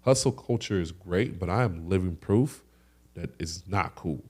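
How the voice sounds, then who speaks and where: Low-voiced man telling animated stories. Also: a little slow, breathy edge. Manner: animated storyteller with sound effects. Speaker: podcast co-host. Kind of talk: casual podcast chat.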